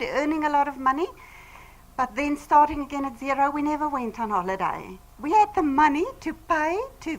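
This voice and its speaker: A woman's voice: high-pitched, a bit bright, low-quality recording. A woman giving an earnest, emphatic testimonial speech to a live audience on a handheld microphone. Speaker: business team speaker.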